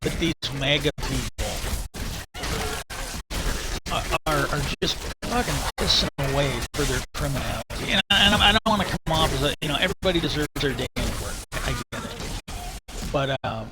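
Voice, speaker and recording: A man streaming live, ranting in a casual, animated way, swearing and restarting his sentences often. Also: on the high side, normal speed, heavy background noise. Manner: animated, profane, with frequent restarts.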